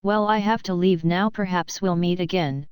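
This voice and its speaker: A woman's voice: on the low side, steady tone, normal speed, smooth, dry recording, studio quality, close to an everyday voice. A woman reading the lines of a sly, falsely polite male wolf in a children's storybook.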